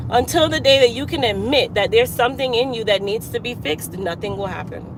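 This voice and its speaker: A woman's voice: fairly high pitch, a little fast, background noise. A woman talking casually and emphatically to her viewers in a motivational, preachy way. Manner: preachy, emphatic, talks straight to her audience. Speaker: hair care business owner and vlogger.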